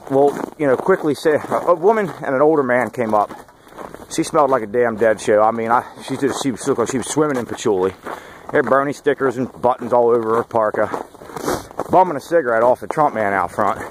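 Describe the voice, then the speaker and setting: A man in his late forties talks into the camera while out on a morning hike. His voice sits at a middle pitch, and his delivery is blunt and sarcastic. Passing traffic and outdoor noise are clearly audible behind him. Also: a little fast. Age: late 40s. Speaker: campaign volunteer vlogger. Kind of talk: casual spoken vlog update.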